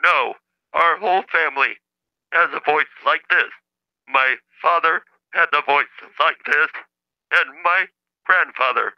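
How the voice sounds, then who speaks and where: एक नाराज़, ज़िद्दी कॉलर, जिसकी आवाज़ सपाट और मशीनी है, फ़ोन लाइन पर थोड़ी दबी हुई। वह रुक-रुककर, औपचारिक ढंग से बोलता है।. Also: male voice, fairly high pitch, measured pace, dull audio. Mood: stiff. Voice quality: flat synthetic speech-device voice. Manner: stiff, clipped, formal phrasing. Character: monotone computer-voiced male caller, touchy and stubborn. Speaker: caller.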